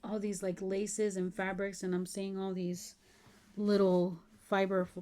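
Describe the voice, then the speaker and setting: A woman talks slowly through her craft haul. Her voice is mellow and unhurried, and she keeps gushing over each piece with drawn-out admiration. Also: medium pitch, flat delivery. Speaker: crafting vlogger. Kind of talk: casual show-and-tell haul.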